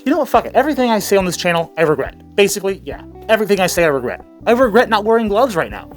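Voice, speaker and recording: A man's voice: high-pitched, big pitch swings, very fast, faint music behind. A man hosting a comedic commentary channel, ranting crudely with stammers and sarcastic jokes. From Middle East.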